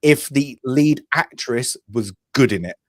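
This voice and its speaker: A man's voice: medium pitch, animated, unhurried, no room sound, studio quality. A young man co-hosting a casual film review chat, opinionated and rambling with many restarts. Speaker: podcast co-host.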